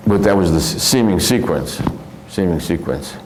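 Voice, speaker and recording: A man's voice: low-pitched, lively intonation, moderate pace, noisy background. An older man from the American Midwest giving a rambling, reflective spiritual lecture and often chuckling as he tells stories. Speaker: spiritual teacher.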